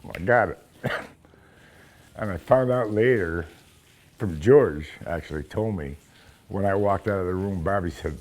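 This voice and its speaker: An older man, an actor, telling animated, profane anecdotes in an interview and acting out the quotes. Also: fairly low pitch, a little slow, gravelly, long pauses.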